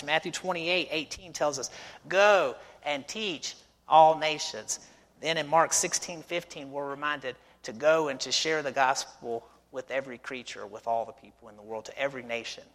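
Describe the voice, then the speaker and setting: A man's voice: fairly high pitch, fairly bright tone, long reverb tail. A middle-aged man who is a missionary, preaching a sermon in a church and telling stories with rhetorical questions. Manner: conversational storytelling with rhetorical questions. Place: church sanctuary.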